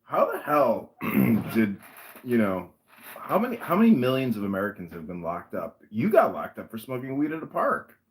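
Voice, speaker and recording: A man hosting a casual livestream chat, dry and mocking, rambling and often clearing his throat. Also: medium pitch, big pitch swings, normal speed, slight background noise. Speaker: podcast host.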